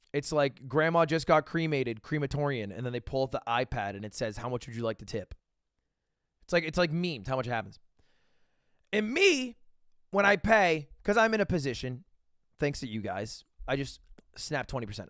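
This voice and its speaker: A young man livestreaming and chatting casually with his audience, telling stories in an excited, rambling way with stammering restarts and plenty of swearing. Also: mid-range voice, a little fast, dry recording, studio quality. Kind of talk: casual chat with a live audience.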